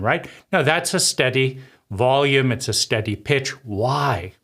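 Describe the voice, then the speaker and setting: A man's voice: mid-range voice, animated, unhurried, hardly any pauses, fairly bright tone. A man giving a reflective spoken lecture, who asks himself questions, answers them, and keeps checking in with "right?". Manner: conversational, keeps asking "right?". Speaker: speaker giving a talk.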